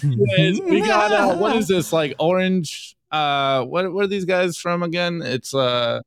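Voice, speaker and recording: Brief: male podcast host, fairly high voice, excitable and loose, swears, dry close mic. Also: measured pace, no room sound. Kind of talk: casual meme review chat.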